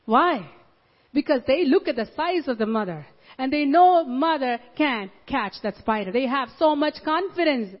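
A woman's voice: sits high, normal speed. A woman preaching a sermon, telling stories and acting out the voices of the people in them. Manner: animated storytelling, acts out the voices. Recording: dull audio in a large reverberant hall.

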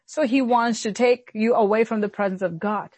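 A woman pastor delivering an earnest sermon, slowing down and repeating lines for emphasis. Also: fairly high pitch, fairly even intonation, darkish tone, no room sound. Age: adult, recalls childhood many years ago.

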